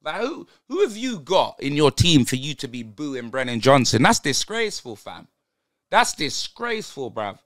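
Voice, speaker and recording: A man's voice: fairly high pitch, moderate pace, dry recording, clean studio sound. A young man giving a live, slang-heavy football match reaction. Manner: excitable, slang-heavy banter. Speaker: football fan channel host.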